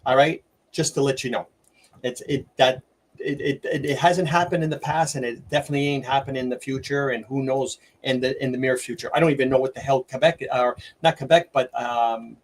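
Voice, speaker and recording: A middle-aged man, hosting a livestream and ranting excitedly, with lots of stumbles and restarts. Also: medium pitch, fairly quick. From Canada. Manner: excitable, rambling rant with many restarts. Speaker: livestream host. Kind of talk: opinionated livestream commentary.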